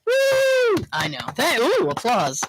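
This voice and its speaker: A woman co-hosting a podcast in casual chat, chatty and quick to laugh. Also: high-pitched, heavy background noise. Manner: animated, laughs often, chatty. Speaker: podcast co-host.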